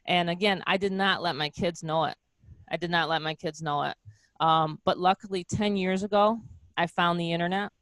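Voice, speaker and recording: A woman's voice: on the low side, no echo. A woman in her fifties hosting a team video call, speaking earnestly and emotionally with chatty fillers. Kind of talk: heartfelt motivational talk on a video call.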